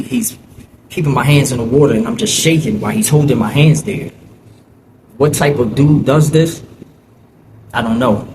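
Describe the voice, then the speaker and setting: A man from New Jersey telling a story from his childhood in a halting, casual way, full of fillers and "you know what I'm saying.". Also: medium pitch. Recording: loud vehicle noise behind.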